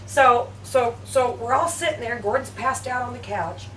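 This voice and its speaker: A woman casually telling family stories in an animated way, often laughing as she talks. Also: on the high side, normal speed, a little hiss or hum. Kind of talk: casual storytelling. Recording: roomy sound, distant mic.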